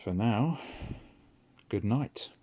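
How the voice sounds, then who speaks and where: A man's voice: on the low side, lively intonation, very slow, highs cut off. A man telling stories in a rambling late-night audio log, full of ums and casual swearing. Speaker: vlogger.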